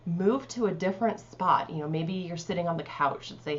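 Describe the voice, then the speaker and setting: Woman life coach, low voice, calm and chatty, slightly muffled home recording. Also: moderate pace, a little hiss or hum. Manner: calm, conversational, many fillers like "you know". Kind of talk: casual advice talk to camera.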